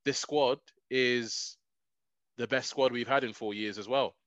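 A man, co-hosting a casual sports podcast in excitable, animated banter. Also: medium pitch, unhurried, no room sound. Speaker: podcast co-host. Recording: dull, dry lo-fi mic.

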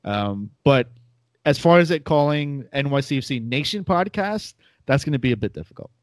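A man's voice: mid-range voice, animated, moderate pace, dry recording. A man, chatting casually as a podcast guest in a rambling, self-deprecating way. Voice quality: nasal. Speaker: podcast guest, former host. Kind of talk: casual chat.

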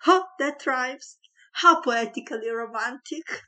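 A woman's voice: mid-range voice, slow, a bit bright. A woman voicing a giddy, breathless young woman who is smitten in love, gushing her exclamations.

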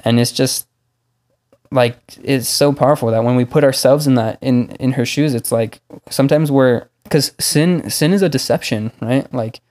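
A man in a casual faith conversation, speaking in a relaxed way with lots of "like" fillers. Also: mid-range voice, moderate pace.

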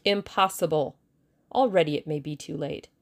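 A woman voicing an excitable, bitter male conspirator who snarls and frets. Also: deep voice, moderate pace. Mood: agitated. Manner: agitated, snarling, pleading.

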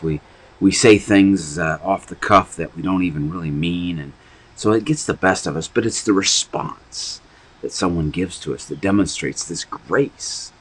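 A low-voiced man with a husky edge preaches in a loose, conversational way, his pitch swinging widely as he talks. He rambles and restarts, like someone thinking aloud in a casual sermon. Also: fairly bright tone, rough recording. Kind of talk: informal sermon podcast.

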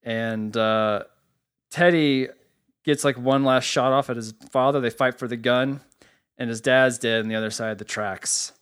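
A man co-hosting a casual podcast, telling a story with animated, profane energy. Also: mid-range voice, normal speed, clear, resonant tone. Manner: animated storyteller, swears freely. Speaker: podcast co-host.

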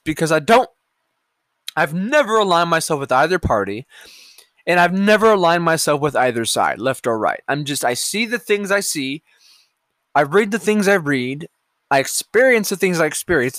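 A man's voice: high voice, fairly bright tone, no room sound. Sarcastic, profane male podcast host. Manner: sarcastic, profane, rambling with hummed filler. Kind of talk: casual political rant.

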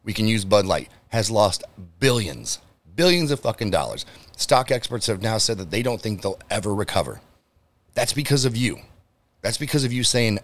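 A man's voice: fairly low pitch, expressive, moderate pace. A man hosting his own podcast, delivering a heated, profanity-heavy solo rant straight to his listeners. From United States. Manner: direct address to listeners. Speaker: podcast host.

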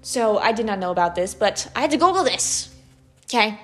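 A young woman with a Valley Girl accent, hosting a student podcast in an animated, chatty way, full of "like" and "okay". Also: mid-range voice, fairly quick. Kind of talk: casual solo podcast monologue.

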